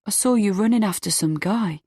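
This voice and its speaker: A man's voice: sits high, fairly quick, darkish tone, slightly rough, no echo, clean studio sound. A woman voicing an earnest young man who sounds anxious and concerned.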